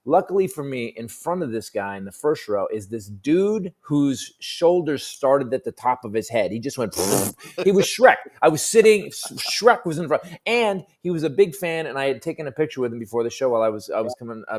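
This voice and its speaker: A middle-aged comedian telling a profane stage story on a talk panel, jumping into high, loud voices for the people in it. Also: male voice, animated, normal speed. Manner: profane, punchy anecdote telling. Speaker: comedian guest.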